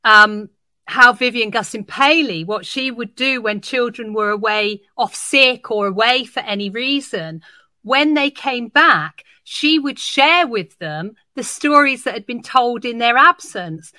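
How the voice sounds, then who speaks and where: On a podcast, a woman who works in early years education tells an animated classroom anecdote, acting out the dialogue as she goes. Her voice is a little high and unhurried, and the recording has no room sound.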